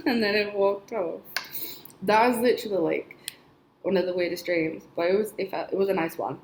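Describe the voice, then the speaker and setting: A woman's voice: medium pitch, normal speed, pauses often. A young woman vlogging, telling her dreams in a rambling, chatty way full of "like" and little laughs. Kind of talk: casual storytelling. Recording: echoey room with faint noise.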